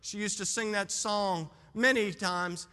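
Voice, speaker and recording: A hoarse man preaching a sermon as pastor, with emphatic swings between loud and soft. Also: sits high, fairly even intonation, unhurried, big-room sound.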